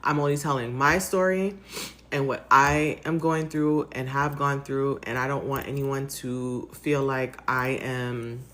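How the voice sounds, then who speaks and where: Low-voiced woman vlogging after crying all night, soft and halting, lots of ums. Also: fairly even intonation. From United States. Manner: soft, halting, rambling with fillers. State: tearful, crying. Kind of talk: emotional personal vlog.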